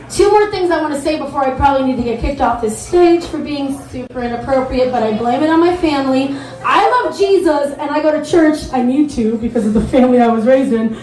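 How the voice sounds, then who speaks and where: High-pitched midwest woman at an open mic, chatty rambling comedy, roomy live echo. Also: a little mellow. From American Midwest. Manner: candid, rambling storytelling with many fillers. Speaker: stand-up comic at an open mic. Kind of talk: stand-up comedy set. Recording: echoey live room.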